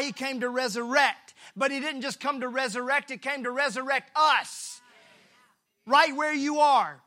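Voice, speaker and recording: A man pastor preaching a sermon, repeating his phrases for rhythm and swinging from shouts to hushed lines. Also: extremely high pitch. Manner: acts out the voices of the people in the story.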